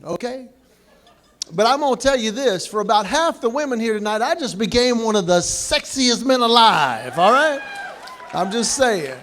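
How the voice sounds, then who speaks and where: High-pitched male speaker, comic storyteller at a banquet podium. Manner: storytelling with acted quotes. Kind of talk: humorous motivational speech. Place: banquet hall, indoors.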